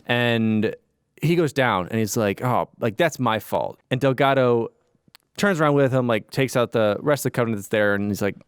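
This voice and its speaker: A man's voice: medium pitch, moderate pace, clean tone, dry recording, studio quality. A young man co-hosting a podcast, casually retelling a story and quoting characters as he goes. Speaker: podcast co-host. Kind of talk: casual chat.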